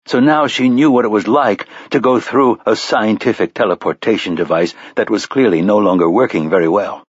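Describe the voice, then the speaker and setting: A man narrating an audiobook in a measured storytelling manner, on a slightly dull recording. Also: on the low side, breathy edge, dry recording. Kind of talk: scripted narration.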